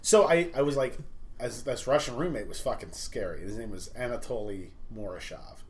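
A man hosting a podcast, telling stories in casual, profane chat while high. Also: fairly quick, slight background noise. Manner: profane, animated storyteller. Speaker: podcast host.

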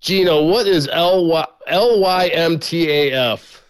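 A man co-hosting a live stream, reading viewer gifts and messages aloud in a relaxed way and laughing along. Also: a little high, a little slow. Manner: reads names and donations in a plain, laid-back way, laughs often. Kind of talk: casual live-stream banter.

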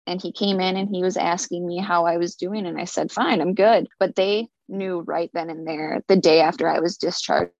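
A woman with a low, flat, gravelly voice tells her own story earnestly and haltingly, sometimes stumbling over repeated words. The recording is dry and dull, like lo-fi audio. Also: dry recording. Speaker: speaker sharing a personal story. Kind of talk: personal testimony.

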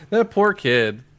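A man's voice: medium pitch, a bit bright. A man co-hosting a casual podcast chat, teasing and laughing, swearing now and then. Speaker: podcast co-host.

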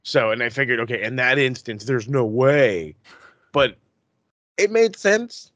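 A man co-hosts a podcast in a mid-range voice, talking a little slowly with no room sound. The casual chat is animated and profane, with lots of swearing and many restarts.

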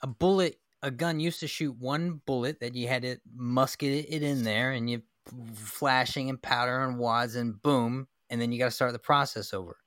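A man's voice: medium pitch, normal speed, fairly bright tone, no room sound, studio quality. A man co-hosting a casual movie chat, arguing his points with examples. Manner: argumentative, builds points with examples.

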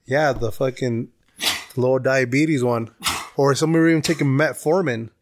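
Sex: male. Role: podcast co-host. Style: casual chat. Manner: chatty, rambling. Pitch: middle. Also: a little slow, slight background noise.

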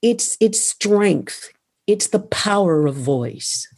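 A woman's voice: mid-range voice, expressive, takes it slowly, a little mellow, slightly rough. A woman who is a voice coach and author, answering interview questions in an emphatic, instructive way and landing her phrases firmly.

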